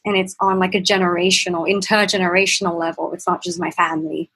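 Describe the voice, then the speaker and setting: A woman's voice: on the low side, flat delivery, fairly bright tone, slightly rough, rough recording. A woman guest speaking casually, recounting a personal story with many restarts and acting out what was said. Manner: halting, many restarts, acts out quoted exchanges. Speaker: program participant, guest.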